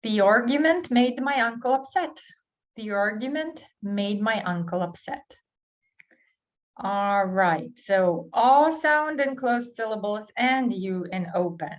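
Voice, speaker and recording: Slow, careful woman teaching pronunciation. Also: mid-range voice. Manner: slow, careful enunciation for learners; switches between English and Russian explanations. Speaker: English teacher. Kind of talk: language lesson.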